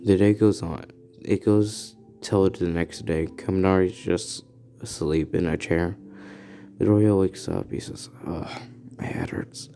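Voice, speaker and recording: A man casually narrating an improvised fan story, halting and restarting often. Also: low voice, steady tone, mellow, slight background noise.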